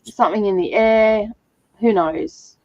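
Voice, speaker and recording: A woman's voice: medium pitch, a little slow, darkish tone, no echo, dull audio. A woman hosting a livestream reading session, chatting casually and laughing often while nursing a sore throat. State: sore throat, slightly rough voice. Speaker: livestream reading sprint host. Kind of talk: casual chat.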